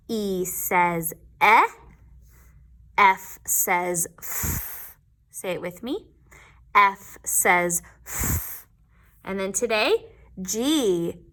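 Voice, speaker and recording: A woman teaching young children their letters in a patient, sing-song way, sounding out each letter slowly. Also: medium pitch. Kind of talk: teaching a children's alphabet lesson.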